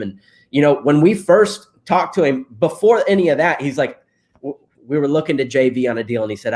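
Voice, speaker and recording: A married man, a guest in a casual interview, telling stories with frequent laughs and fillers. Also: mid-range voice. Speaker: interview guest, real estate investor.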